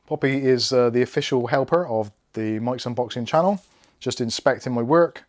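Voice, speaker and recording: A man's voice: mid-range voice, normal speed, darkish tone. A man hosting a live PC build stream, chatting casually and reading out viewer comments while he works. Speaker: tech channel host.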